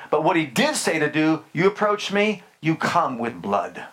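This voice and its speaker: Man, preacher, sermon, fervent, emphatic, rhetorical questions, slightly high pitch. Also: a bit bright. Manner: fervent, rising to emphatic declarations.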